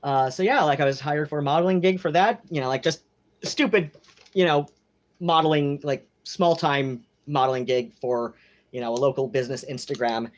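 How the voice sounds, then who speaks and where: An American man who talks in a put-on mid-Atlantic accent, all drawn-out vowels and theatrical polish. He chats to his livestream from home, rambling and campy, with "like" and "you know" scattered through every sentence. The tone is gossipy and unhurried. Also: fairly high pitch. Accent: affected mid-Atlantic. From United States. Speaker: livestream host. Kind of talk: casual rambling livestream chat.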